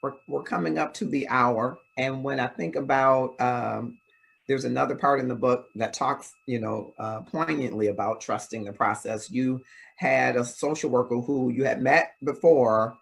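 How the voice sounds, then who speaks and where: A man hosting an interview, calm and affirming as he asks questions. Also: mid-range voice, moderate pace, vocal fry, husky. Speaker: interview host. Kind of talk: interviewing a guest.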